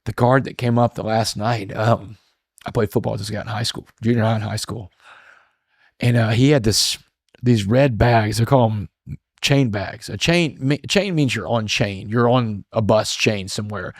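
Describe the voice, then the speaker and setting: Storytelling man, lowish voice. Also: normal speed, dry recording, studio quality. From Texas. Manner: casual, animated storytelling with many "man" fillers. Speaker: guest, motivational speaker. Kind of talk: storytelling in a podcast interview.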